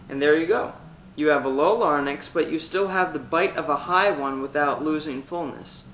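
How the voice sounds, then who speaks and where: Here a man who teaches singing, his voice slightly high, explains his exercises in order at a normal speed and shows them with loud vowels and meowing sounds. The room sounds spacious, and the poor-quality audio carries a faint hiss or hum.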